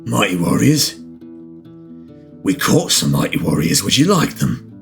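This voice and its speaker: A man voicing a dim, crude male camp raider who talks gruffly and sounds confused, heard a little back from the mic in a tabletop game. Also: on the low side, wildly swooping pitch, a little slow, faint music behind, voice pushed down, heavily acted. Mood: gloating.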